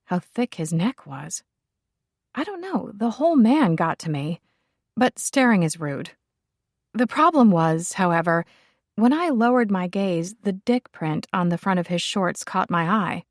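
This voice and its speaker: A woman's voice: mid-range voice, lively intonation, a little slow, no room sound, studio quality. A woman reading a first-person audiobook, with a wry, sassy and sardonic delivery. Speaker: audiobook narrator.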